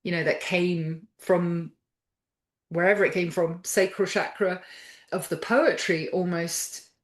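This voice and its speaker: A woman guest speaking in a soft, thoughtful, conversational way, circling her phrases with fillers as she reflects. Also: fairly low pitch, steady tone, slow, reverberant. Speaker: podcast guest.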